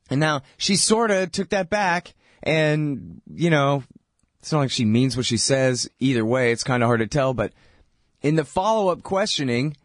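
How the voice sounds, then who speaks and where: Sarcastic radio host, dry sound. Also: male voice, mid-range voice, dry recording. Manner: sarcastic, mocking. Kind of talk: political commentary monologue.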